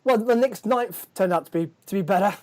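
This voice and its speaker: A man's voice: high-pitched, fairly quick, a little mellow. A man hosting a live baseball chat show, tired and chatty, often stumbling over his words. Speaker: host.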